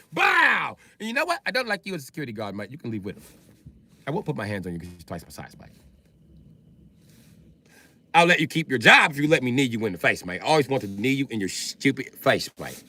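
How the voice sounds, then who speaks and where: Brash, animated comedic streamer man. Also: lowish voice, breathy edge. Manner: brash, profane, keeps addressing an imaginary listener. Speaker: livestreamer. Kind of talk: comedic live-stream riffing.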